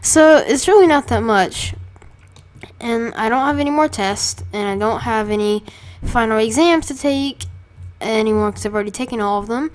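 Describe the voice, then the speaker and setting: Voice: medium pitch, normal speed. A student casually commenting on their own game as they play, rambling and chatty, often stopping to correct themself. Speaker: let's play creator.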